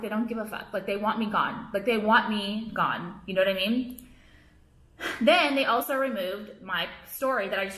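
A woman's voice: mid-range voice, pushed and bright. Rambling, profane young woman vlogging. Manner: rambling, heavy on "like", blunt and profane. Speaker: vlogger and jewelry line owner. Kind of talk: casual ranting vlog to camera. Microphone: camera, not phone. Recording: echoey room.

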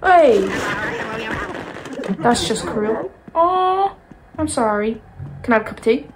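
A woman's voice: a little high, animated, slow pace, noisy background. A young woman giving casual, jokey commentary while playing a video game, chatting to herself and her pet. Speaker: gaming youtuber. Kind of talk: casual let's play commentary. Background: game music.

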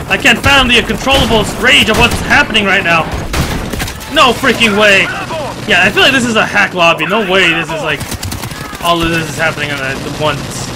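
A man giving excited commentary over shooter gameplay, swearing, whooping and muttering to himself to calm down. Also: high-pitched, moderate pace, background noise. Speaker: gaming commentator. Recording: loud game gunfire under the voice. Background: gunfire and explosions from the game.

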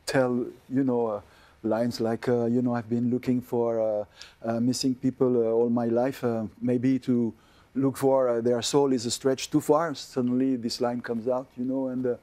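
An older French-accented actor talks in a mellow, warm tone during a TV interview. He pauses often and fills the gaps with "uh" and "you know" while he gathers his thoughts. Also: mid-range voice, level tone. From France. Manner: hesitant, many fillers and restarts. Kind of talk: TV interview chat.

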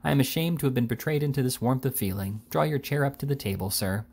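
A man voicing a courteous, kindly elderly gentleman who talks earnestly. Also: medium pitch, fast, gravelly.

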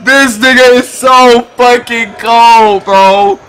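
A man hosting a basketball reaction video, talking in a loud, hyped, profane way and often shouting at the screen. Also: high-pitched, expressive, measured pace, a little hiss or hum. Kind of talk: excited basketball reaction commentary.

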